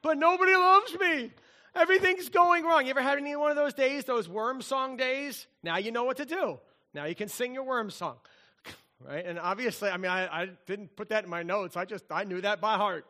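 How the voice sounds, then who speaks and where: A middle-aged man, a pastor, preaching a sermon in a playful, animated storytelling manner. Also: high-pitched, a little fast.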